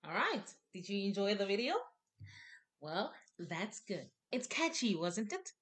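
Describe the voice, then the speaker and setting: A woman's voice: mid-range voice, big pitch swings, measured pace, fairly bright tone. A woman teaching an English grammar lesson, explaining patiently with lots of repetition and emphasis.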